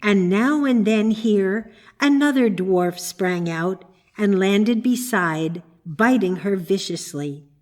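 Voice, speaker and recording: Slow, measured woman storyteller. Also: mid-range voice, expressive. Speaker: reader. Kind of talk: scripted storybook narration. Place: church.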